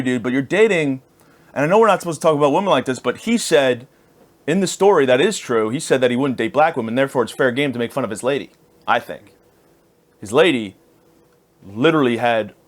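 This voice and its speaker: A man in his thirties talks alone into the mic in a middle-pitched voice, wandering from one thought to the next. His podcast patter is crude and self-mocking, with loose asides as he loses his thread. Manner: rambling, crude and self-deprecating. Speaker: podcast host. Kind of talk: comedic podcast monologue.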